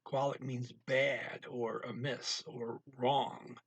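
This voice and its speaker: A man's voice: slow pace, slightly rough, no room sound. A man teaching a language lesson in a casual way, explaining phrases word by word and repeating example sentences. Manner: reads target-language lines louder and higher. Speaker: language tutor.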